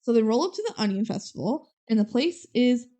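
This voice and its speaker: Animated and warm, her voice sits on the high side. She is a woman co-hosting a podcast who casually retells a movie's scenes, voicing the characters' lines quickly and laughing as she goes.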